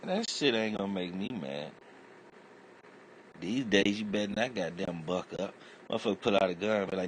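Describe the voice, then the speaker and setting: Man, very low voice, casual livestream chat, profane rambling stories. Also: expressive, normal speed, long pauses, slight background noise, low-quality recording. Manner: acts out quoted voices loudly. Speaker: livestream host.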